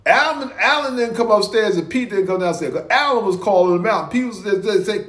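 A man with a high, swooping voice gives casual reaction commentary, drifting into stories and chuckling as he goes. The sound bounces around a roomy space. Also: a little fast, hardly any pauses. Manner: chuckling storyteller, animated. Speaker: reaction video host. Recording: roomy echo.

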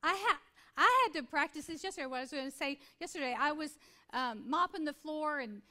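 A woman's voice: sits high, expressive, a little fast, sharp tone. A woman pastor in her forties preaching a sermon in an earnest, conversational way, repeating points for emphasis.

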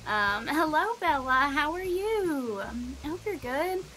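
A woman's voice: sits high, expressive, a little slow, bright, forceful tone. A young woman from Alabama with a Southern accent, chatting casually with her livestream viewers, full of ums and likes. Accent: Southern American (Alabama). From Alabama, USA. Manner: chatty, reads chat aloud, many ums and likes. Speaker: streamer. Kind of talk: casual gameplay livestream chat.

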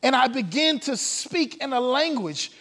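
A man's voice: very high voice, animated, a little slow, a bit bright, long reverb tail. A man preaching a testimony sermon, telling his story earnestly with frequent filler sounds. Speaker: pastor. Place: church sanctuary.

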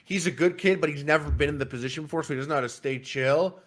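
A man's voice: on the high side, quick pace. A man hosting a casual podcast, telling stories about substitute teaching in a rambling way full of fillers. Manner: rambling, filler-heavy, acts out quotes in loud voices. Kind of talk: casual storytelling chat.

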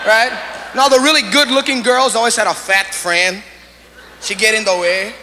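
High-voiced pidgin-speaking comedian. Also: male voice, steady tone, moderate pace. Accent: Hawaiian Pidgin. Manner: chatty, keeps asking the audience "you know?". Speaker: standup comedian. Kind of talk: standup routine. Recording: live stage recording with reverb and noise.

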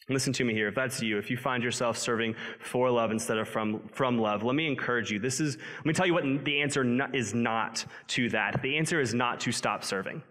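A man's voice: medium pitch, brisk, few pauses, a bit bright. A male pastor giving a sermon in a conversational, earnest way, with self-deprecating asides, in a church sanctuary. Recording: long hall reverb.

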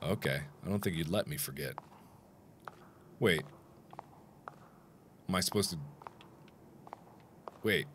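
A young man in his twenties doing jokey horror game commentary, swinging from quiet mutters to excited shouts. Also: deep voice, slow pace, long pauses, a little hiss or hum. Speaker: gaming YouTuber.

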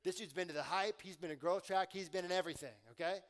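A pastor with a fairly high voice preaches a sermon to his church in a casual, slangy, conversational style. He talks fast with hardly any pauses, getting loud and emphatic on his questions and dropping into quiet asides, so his volume swings widely.

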